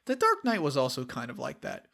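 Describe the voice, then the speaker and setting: Young man with a lively, swinging pitch. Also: fairly quick, gravelly. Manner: swears often, jokey, lots of fillers and restarts. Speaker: podcast co-host. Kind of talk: casual chat.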